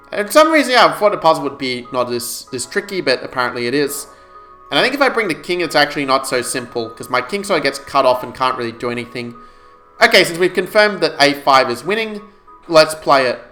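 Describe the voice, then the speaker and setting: A man streaming chess puzzles live, calculating moves out loud and explaining them to his viewers in a casual way. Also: medium pitch, lively intonation, a little fast, soft background music.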